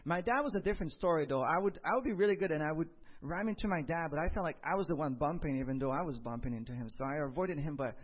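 A man preaching a sermon and telling a lively personal story, acting out the voices in it. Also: fairly high pitch, fast talker, few pauses, breathy edge, lo-fi sound. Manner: animated storytelling, acts out dialogue. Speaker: pastor.

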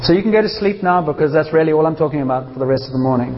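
Here the South African preacher talks very fast in a fairly high voice, with background noise present. He keeps things informal and joking as he speaks straight to the congregation, recorded in a dull, reverberant church hall.

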